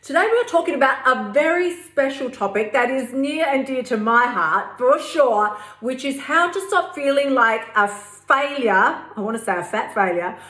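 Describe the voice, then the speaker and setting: A woman's voice: sits high, expressive, moderate pace, hardly any pauses, a bit bright. A woman hosting a podcast, talking in a chatty, emphatic way with playful asides. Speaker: podcast host. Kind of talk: casual motivational podcast talk. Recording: roomy sound with faint music.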